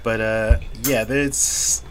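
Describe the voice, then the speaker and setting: A man's voice: lowish voice, fairly even intonation, extremely slow, slight background noise. Laid-back profane man telling stories. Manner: profane, laughing, acts out yelled quotes. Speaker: podcast co-host. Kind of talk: casual storytelling chat.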